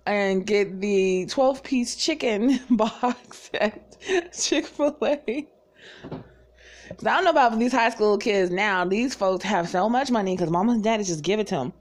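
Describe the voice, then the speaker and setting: A woman's voice: mid-range voice, unhurried. Woman from the US South, no accent, loose profane storyteller with frequent laughs, mid-range voice. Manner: chatty, profane, laughs often. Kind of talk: casual storytelling chat.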